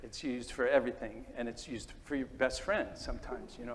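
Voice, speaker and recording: A man in his sixties telling a lively anecdote to an audience at a gallery talk, acting out the quotes and laughing often. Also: medium pitch, normal speed, few pauses. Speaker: guest speaker. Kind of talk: live anecdote before an audience. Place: gallery exhibition talk, hall before an audience. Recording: echoey hall, noisy room.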